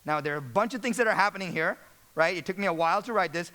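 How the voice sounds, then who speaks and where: Male keynote speaker with a high voice, energetic and conversational, peppers the audience with questions. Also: quick pace. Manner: energetic, repeats words, asks audience questions. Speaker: speaker addressing real estate managers. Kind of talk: motivational business talk.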